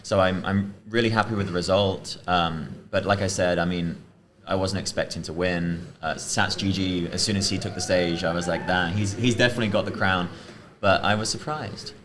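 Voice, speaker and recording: A man's voice: sits low, fairly even intonation, normal speed, hardly any pauses, fairly bright tone, a little hiss or hum. A man as a guest in a casual interview, talking modestly about winning. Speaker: guest, pitch winner.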